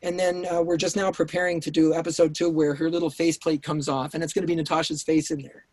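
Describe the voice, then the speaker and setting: A man's voice: a little high, level tone, quick pace, darkish tone, no echo. A man guest on an interview podcast, telling stories intensely, swearing and restarting his sentences, speaking over a remote call. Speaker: writer-director guest. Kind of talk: casual interview storytelling.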